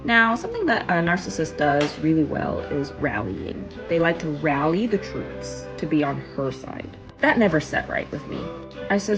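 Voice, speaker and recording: A woman telling a personal story in an earnest, emphatic way, pausing on stressed words. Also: low voice, big pitch swings, music in the background, low-quality recording.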